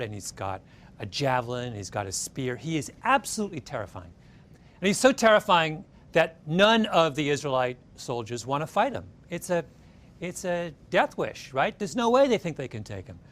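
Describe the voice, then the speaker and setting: A man giving a storytelling lecture, animated and often checking in with the audience with a quick "right?". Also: medium pitch, a little hiss or hum. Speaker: speaker giving a talk.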